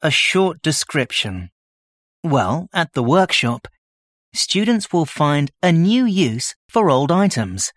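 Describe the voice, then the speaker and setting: A man's voice: on the high side, very animated, slow pace, a bit bright, no echo, studio quality. A man as a workshop tutor in a scripted listening-test dialogue, explaining his plans plainly. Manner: explains plans plainly, answers questions readily.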